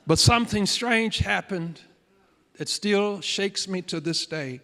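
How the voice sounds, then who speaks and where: A pastor telling a personal story in a sermon, dramatic, shifting between loud declarations and hushed moments. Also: male voice, high voice, slow pace, slight background noise. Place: large church sanctuary. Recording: long church hall reverb.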